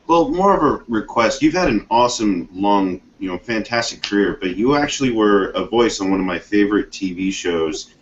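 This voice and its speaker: A man's voice: fairly low pitch, expressive, normal speed, a little hiss or hum. A man joining a video-call hangout to ask the guest a question, polite and slightly hesitant, heard through lo-fi call audio. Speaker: viewer asking questions. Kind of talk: casual video hangout chat.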